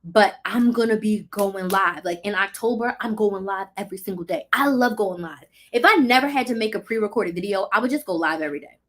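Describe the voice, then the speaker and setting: A woman business coach chatting casually on a live stream, excitable, animated and full of slang. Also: mid-range voice, a little fast, few pauses.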